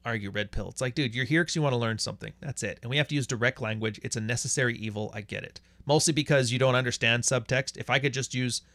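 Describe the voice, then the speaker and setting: A man's voice: mid-range voice, fast, few pauses, a bit bright, dry recording. A man hosting a livestream, talking bluntly with plenty of swearing as he reads out viewer donations. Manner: blunt, profane, reads out super chats. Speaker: livestream host. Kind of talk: casual livestream monologue.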